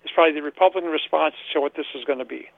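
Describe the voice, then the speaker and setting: A man calls in over a tinny, phone-like line, his voice gravelly with plenty of fry and sitting a little high for a man. He rambles, circling back and repeating words as he hunts for what to say next. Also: rapid-fire, dry recording. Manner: rambling, repeats words while searching for them. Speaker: caller. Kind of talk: call-in talk radio.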